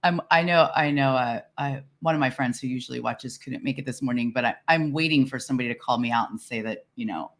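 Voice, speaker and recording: Low-voiced middle-aged woman, laughing storyteller. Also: quick pace, few pauses. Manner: animated storyteller who laughs often. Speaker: podcast co-host. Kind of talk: casual chat.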